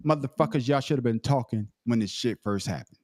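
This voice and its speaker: A man co-hosting a casual podcast, talking loudly and excitedly, swearing freely and stumbling over repeated words as he starts sentences. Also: mid-range voice, a little fast, a crowd in the background. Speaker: podcast co-host.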